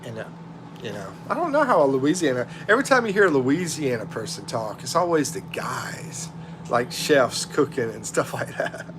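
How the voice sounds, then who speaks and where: A man's voice: medium pitch, big pitch swings, moderate pace, background noise. A middle-aged man hosting a casual livestream, chatting in a drawling, rambling way as he reads out viewer comments. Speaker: livestream host.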